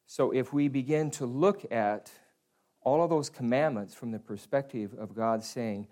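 A middle-aged man preaching a sermon in an earnest way, often dropping softer to speak as God. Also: medium pitch, unhurried.

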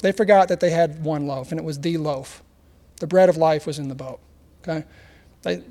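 A man with a high voice preaches a relaxed sermon. He reads scripture, then turns to the congregation with direct questions and light jokes. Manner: conversational preaching with rhetorical questions and humor. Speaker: pastor.

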